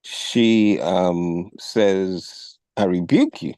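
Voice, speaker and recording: A man with a low, mellow voice retells a news story to his co-host. He speaks slowly and deliberately. The sound is dry and close. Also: clear, resonant tone, no room sound. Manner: measured storytelling, acts out quoted officers with raised voice. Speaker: podcast co-host.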